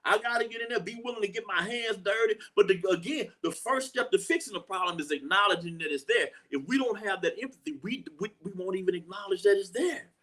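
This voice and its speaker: A man's voice: sits high, fast, hardly any pauses, sharp tone. A man hosting a live talk show, speaking earnestly, often repeating himself for emphasis and asking "you know what I'm saying". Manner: earnest, repeats lines for emphasis, acts out quoted voices. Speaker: host.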